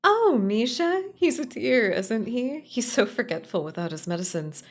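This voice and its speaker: A woman's voice: on the high side, very animated, normal speed, voice pushed up. A woman reading aloud as a female royal scholar who confides a plot to a friend, speaking fondly and wistfully.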